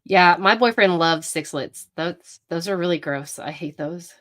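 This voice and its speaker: A middle-aged woman hosting a livestream, chatting excitedly and greeting viewers by name. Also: on the low side, measured pace. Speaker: livestream host. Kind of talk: casual livestream chat.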